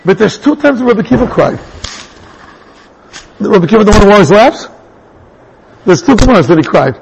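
Guy giving an animated torah class, high gravelly voice, kinda husky. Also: normal speed, slight background noise, poor audio. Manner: animated, jumps between English and Hebrew terms, restarts sentences. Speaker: rabbi teaching a Torah class. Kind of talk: lively Torah lecture.

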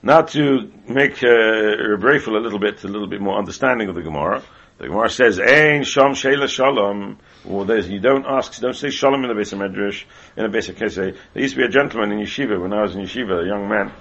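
A man teaching a Talmud class at a brisk clip, often repeating himself as he explains. His voice is gravelly and a little husky. The recording is dull and lo-fi. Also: fairly low pitch, a bit bright. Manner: rapid, heavily repeats words while explaining.

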